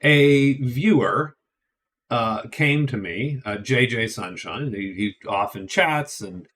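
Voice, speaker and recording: A man's voice: medium pitch, expressive, slow pace, a bit bright. A man giving a casual spoken movie review, rambling and chatty, with wry, amused asides and frequent restarts.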